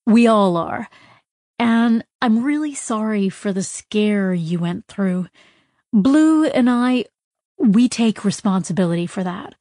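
A woman's voice: medium pitch, lively intonation, slow, warm tone, dry recording, studio quality. A woman voicing an apologetic, diplomatic adult woman who chooses her words carefully. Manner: careful, apologetic, eager to please.

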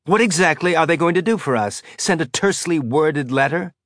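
A man's voice: a little high, animated, brisk, a bit bright, no room sound, studio quality, voice pushed up. A man voicing a fierce, bitter settler woman. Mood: furious. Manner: spitting, bitter, sarcastic.

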